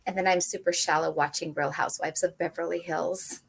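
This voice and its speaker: A woman co-hosting a live Q&A in casual chat, easygoing and chiming in with quick remarks. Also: lowish voice, steady tone, creaky, slight background noise.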